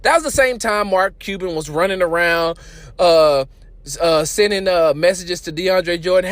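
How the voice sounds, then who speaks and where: Brief: male podcast host, high voice, playful joker, dry close sound. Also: moderate pace, fairly bright tone, dry recording. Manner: joking, playful storyteller who acts out quotes. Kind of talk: casual sports talk podcast.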